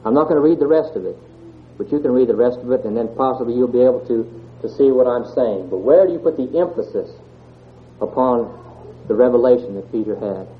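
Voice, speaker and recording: A man's voice: mid-range voice, fairly quick. A man giving a sermon, reading scripture and asking the congregation earnest questions. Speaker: church speaker. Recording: tinny phone-like sound.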